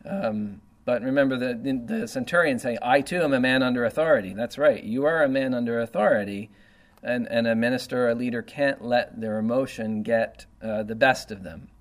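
A man leading an informal Bible study, reading scripture passages aloud and then explaining them in a relaxed, conversational way with frequent fillers and tag questions. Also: medium pitch, normal speed. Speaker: Bible teacher.

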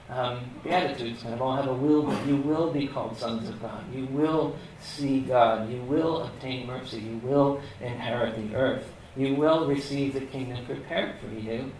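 A man's mid-range, slightly mellow voice comes through a distant mic in an echoey room, with a bit of hiss or hum. He's a preacher giving a casual, conversational Bible lesson, full of rhetorical questions and frequent "okay?" check-ins.

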